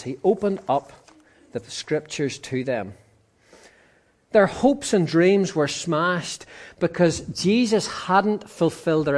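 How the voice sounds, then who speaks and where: A man preaching a sermon in a chatty, conversational way, with asides to his listeners. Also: on the high side.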